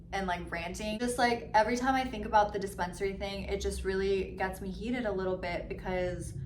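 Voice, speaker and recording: A woman's voice: medium pitch, slight background noise. Young woman ranting in an echoey room. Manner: ranting, heavy filler "like", swearing, quick mimicry of others. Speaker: vlogger. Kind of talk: mukbang storytime rant. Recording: slightly echoey room with faint ambience.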